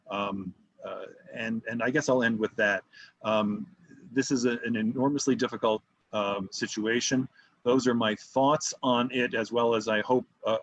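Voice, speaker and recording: A man's voice: lowish voice, a bit bright, dry recording. A man on a community board speaking at an online meeting, hesitant, with many fillers and restarts. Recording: dull, muffled call audio.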